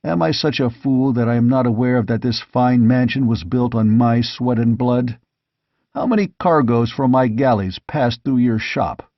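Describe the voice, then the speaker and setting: A man voicing a bold barbarian warrior king who speaks bluntly and gruffly, with grim amusement, in an audiobook reading. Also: mid-range voice, normal speed, no echo, close to an everyday voice. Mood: blunt, mocking. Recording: dull, dry lo-fi audiobook recording.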